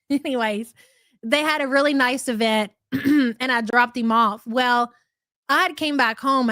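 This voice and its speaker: A woman's voice: on the high side, bright, forceful tone, dry recording, studio quality. A middle-aged woman hosting a live reaction stream, talking bluntly and profanely with scornful laughs. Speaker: host.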